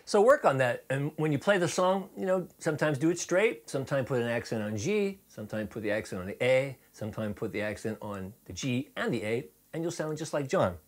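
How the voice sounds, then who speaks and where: A man teaching a rock guitar lesson in a relaxed, chatty way, with fillers and restarts, playing along on guitar. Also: medium pitch, a little fast, hardly any pauses.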